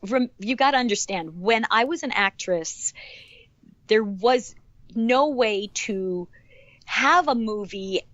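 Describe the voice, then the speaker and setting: A woman's voice: medium pitch, no echo, lo-fi sound. Chatty, enthusiastic woman, fillers galore. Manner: enthusiastic, rambling with many fillers and restarts. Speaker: actress guest. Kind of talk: podcast interview.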